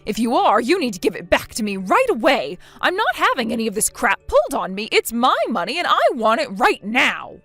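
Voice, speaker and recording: A synthetic woman's voice playing a spiteful, bossy older mother-in-law in a text-chat story, scolding with contempt and a lively pitch. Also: brisk, hardly any pauses, dry recording, soft background music, heavily acted. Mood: demanding.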